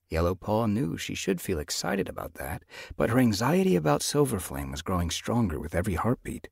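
Deep gravelly guy reading an audiobook, husky voice, dead dry close mic. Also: huge pitch swings, no room sound. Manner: measured storytelling. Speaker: audiobook narrator. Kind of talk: scripted narration.

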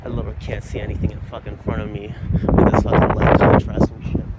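A man's voice: fairly low pitch, little pitch movement, fast, heavy background noise. Rambling profane young man walking outdoors. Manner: goofy, profane, rambling with restarts. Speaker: vlogger. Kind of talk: rambling casual monologue. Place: outdoors at night, walking near a playground.

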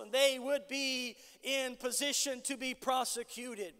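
A man preaching a sermon as pastor, telling a Bible story and then rising to loud exhortation. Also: extremely high pitch, smooth. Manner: builds from measured storytelling to shouted exhortation. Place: church sanctuary. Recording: long church hall reverb.

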